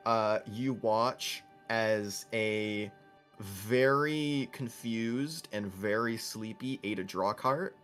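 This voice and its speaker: A man's voice: lowish voice, drawn-out words, a bit bright, soft background music. A man narrating a tabletop game as game master, telling the scene vividly with laughs and swearing.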